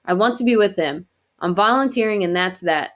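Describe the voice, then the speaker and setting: A woman's voice: mid-range voice, expressive, a little fast, natural voice. A woman reading aloud and voicing a headstrong young woman who insists on her choice. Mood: defiant. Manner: insistent and stubborn. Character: defiant young woman, headstrong older sister.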